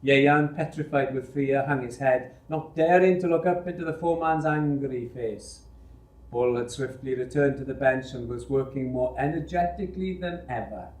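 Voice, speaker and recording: A man reading a novel adaptation aloud in a measured, unhurried way, recorded in a roomy space. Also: mid-range voice, darkish tone. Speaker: storyteller. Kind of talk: audiobook reading. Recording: roomy echo.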